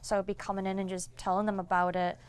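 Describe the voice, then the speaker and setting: A woman's voice: mid-range voice, quick pace. A young woman, a comic artist chatting as an interview guest and acting out the people in her stories. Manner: animated storyteller, acts out quoted dialogue. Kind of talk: casual interview chat.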